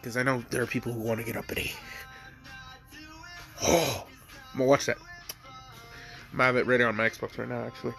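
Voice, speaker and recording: A man's voice: mid-range voice, level tone, fairly quick, creaky, pauses often, a bit bright, faint music behind. A man with a stuffy nose, casually narrating his own fan story, rambling and loaded with fillers.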